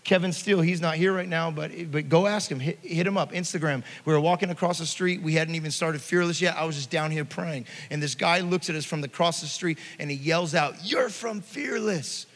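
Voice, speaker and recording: A man preaches with a high, ringing voice that carries through a hall with long reverb. He tells stories in a hushed tone, then rises into loud, stirring calls to his congregation. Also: steady tone, a little fast, hardly any pauses. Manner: storytelling preacher, swings between hushed and loud. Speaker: pastor. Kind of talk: sermon.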